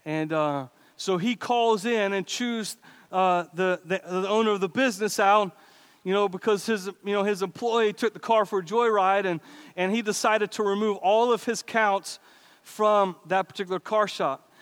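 A man's voice: high voice, fairly even intonation, normal speed, fairly bright tone, clear, resonant tone. A man preaching a sermon as pastor of a church, in a casual, conversational way with asides and laughs. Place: church sanctuary. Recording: reverberant hall.

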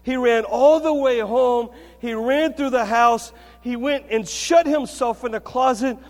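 A pastor delivers a sermon in a chatty, storytelling manner and keeps checking in with his congregation. His voice sits high for a man. The sound carries a long reverb, as in a church sanctuary. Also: unhurried, faint music behind. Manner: conversational, storytelling, frequent "okay" and "right".

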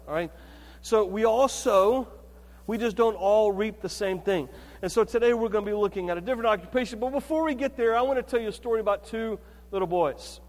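A man's voice: high-pitched, brisk. A man preaching a sermon as the pastor, in a conversational, storytelling way with frequent check-ins to the congregation. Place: church sanctuary. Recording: reverberant church hall.

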